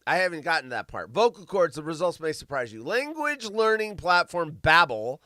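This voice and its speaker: A man hosting a loose talk show, his voice bright and bouncing all over the place as he reads stories aloud. He rambles, cracks jokes and trips over words. The sound is close and dry, with no room echo. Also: a little high, big pitch swings, moderate pace. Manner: rambling, joking, stumbling over words while reading. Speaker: show host. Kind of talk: casual chat reading news stories aloud.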